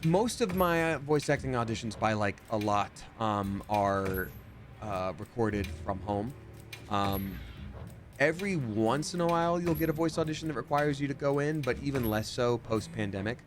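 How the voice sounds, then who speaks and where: This streamer and voice actor speaks at a moderate pace in a medium-pitched voice. Playing a game on his home livestream, the young man chats casually and rambles, reading chat aloud and responding to viewer questions.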